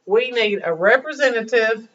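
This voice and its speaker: Animated woman teacher firing off questions. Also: a little high, normal speed, lo-fi sound, a little hiss or hum. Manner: animated, rhetorical questions to students. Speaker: history teacher. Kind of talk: classroom lecture. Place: classroom.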